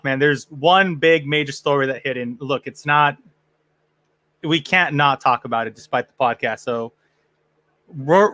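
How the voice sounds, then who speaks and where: A man's voice: fairly high pitch, pushed and bright, dry recording. A man hosting a fan podcast, chatting loosely in a slightly raised voice, joking and trailing off into restarts. The sound is dry and close, with no room around him. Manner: jokey, rambling with restarts. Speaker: podcast host. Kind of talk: casual chat.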